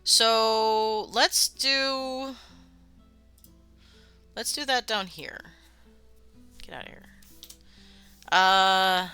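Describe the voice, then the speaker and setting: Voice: medium pitch, drawn-out words, long pauses, bright, forceful tone, smooth, faint music behind. A streamer chatting casually while building a game world, rambling, laughing often and swearing freely. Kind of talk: casual live-stream chat.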